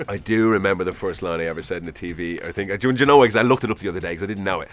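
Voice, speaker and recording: A man in his forties with a slightly low voice tells stories from his career in a loose, chatty manner. He pokes fun at himself and laughs easily. Faint music plays underneath. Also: racing, fairly bright tone. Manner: chatty, self-deprecating, laughing storyteller. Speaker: actor interviewee. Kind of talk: casual interview answers.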